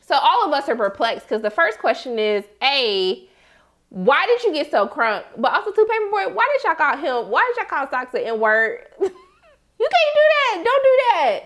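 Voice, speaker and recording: Woman recap host, high lively voice, playful. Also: moderate pace. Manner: animated, laughing, quotes characters in voices. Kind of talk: casual episode recap.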